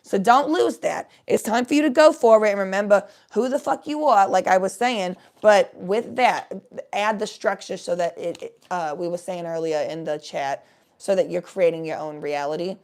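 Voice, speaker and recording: A woman's voice: medium pitch, normal speed, a little mellow. A woman chatting casually on a live stream, giving a tarot reading in a rambling, swearing way.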